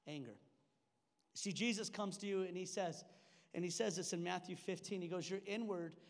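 High-voiced young man preaching in a reverberant hall. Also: moderate pace. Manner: conversational, joking, with laughs and repeated restarts. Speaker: pastor. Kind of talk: sermon. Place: church sanctuary.

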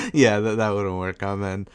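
A man's voice: lowish voice, a little hiss or hum. A young man co-hosting a podcast, talking casually and laid-back, dropping "like" and "man" often. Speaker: podcast co-host. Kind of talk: casual chat.

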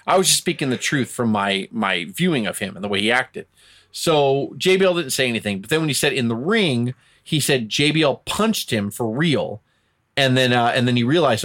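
Ranting, profane man with a lively voice. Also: mid-range voice, moderate pace. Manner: profane, ranting, mocks others in put-on voices. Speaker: podcast co-host. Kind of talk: heated casual chat.

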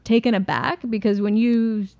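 A woman's voice: on the high side, steady tone, normal speed, dark tone, lo-fi sound. A woman in casual conversation, speaking directly and thoughtfully with many "like" fillers.

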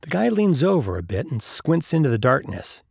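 Gravelly man narrating an audiobook. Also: moderate pace, no echo, studio quality. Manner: lively storytelling, pitching up for characters' lines. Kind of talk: audiobook narration with acted dialogue.

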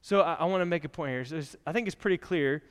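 A man's voice: a little high, fast talker, smooth. A young man preaching a casual, conversational sermon in a church, chatty and laughing often, with many fillers. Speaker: pastor. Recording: long church hall reverb.

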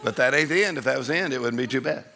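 A male comedian doing stand-up storytelling, animated and acting out people with sudden high shouts. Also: very fast, creaky, very noisy.

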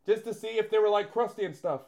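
A man's voice: sits high, fast, a little mellow. A man, the show's producer, joking dryly in casual comedic chat. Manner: dry, joking. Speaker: show producer.

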